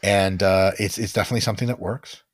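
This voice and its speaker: Man, podcast guest, low husky voice, dry close sound, blunt lecturing manner, occasional swearing. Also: steady tone, dry recording. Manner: blunt, emphatic, sprinkles in profanity; explains in quick, lecturing runs. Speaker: guest expert on training science. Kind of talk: podcast interview talk.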